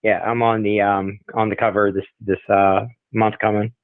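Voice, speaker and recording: A man co-hosting a wrestling podcast, chatting casually with deadpan, self-important jokes, heard through a tinny phone-like sound. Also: fairly low pitch, moderate pace, no room sound. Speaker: podcast co-host. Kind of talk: casual chat.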